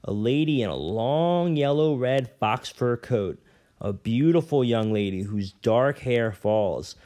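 A man reading a novel aloud in a plain, mid-pitched voice. He reads at an unhurried pace and now and then trips over a word and corrects himself. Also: lively intonation, mellow. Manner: unhurried reading with occasional stumbles and self-corrections. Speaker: reader.

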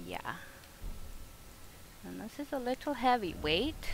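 A woman streaming a video game live, swearing a lot and talking to the enemies on screen, going from loud outbursts to quiet mutters. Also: fairly high pitch, big pitch swings, takes it slowly, gravelly, long pauses, slight background noise, low-quality recording. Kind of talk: live gameplay commentary.

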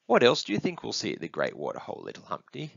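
A gentle, patient mother camel from a storybook, speaking soft and low, as a man reads her lines. Her voice has a gravelly grain. The sound is dull and dry. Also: wildly swooping pitch, fast talker, no room sound, heavily acted. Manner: soft, warm, hushed. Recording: dull, dry close recording.

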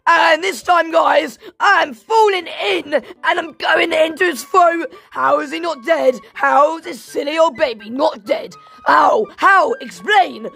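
A woman hosting let's play game commentary, excitable and shouty, with mock-formal asides. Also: extremely high pitch, vocal fry. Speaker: gaming channel host.

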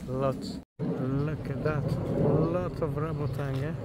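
A man with a slightly high voice gives a cheerful walking tour of his farm, keeping his talk going with a questioning "eh?". He is recorded outdoors, with rooster crows and bird calls clearly heard around him. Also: steady tone, slow pace. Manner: enthusiastic, tags sentences with "eh?". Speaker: vlogger showing his farm. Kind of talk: casual vlog tour. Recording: outdoor farm noise behind. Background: chickens, roosters and birds.

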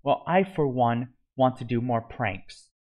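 A man's voice: mid-range voice, unhurried, a little mellow, close to an everyday voice. Grian, a man doing a raised, urgent young builder. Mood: wistful. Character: excitable young male builder, loud under stress.

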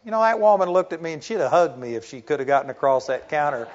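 Folksy preaching man, slightly high voice. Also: lively intonation, fast, few pauses. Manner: conversational preaching with rhetorical questions and anecdotes. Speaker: pastor. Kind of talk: sermon. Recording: dull lo-fi sound.

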